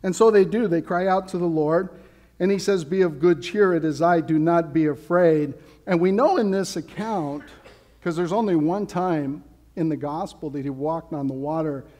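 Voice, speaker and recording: A man's voice: a little high, normal speed, a little mellow. A man preaching a sermon as pastor, in a casual, conversational way with playful asides. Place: church sanctuary. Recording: long hall reverb.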